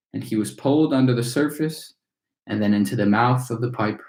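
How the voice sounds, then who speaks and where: A man reading a children's book aloud for storytime, in a middle pitch. His reading is steady and lively. The room around him is roomy and echoey. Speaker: storytime reader.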